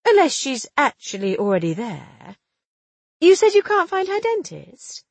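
A woman voicing a lively, teasing young sleuth. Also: sits high, unhurried, no echo, pitched above the performer's own voice, heavily acted. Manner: bright, chatty, teasing. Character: quick-witted, cheerful young woman amateur sleuth. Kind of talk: audiobook dialogue reading.

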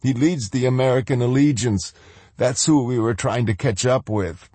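A man's voice: medium pitch, moderate pace, a little mellow, husky, no echo, pitched above the performer's own voice, close to an everyday voice. A man voicing a terrified, wounded male prisoner who begs in a shaky voice. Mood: confessing. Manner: begging, shaky and breathless.

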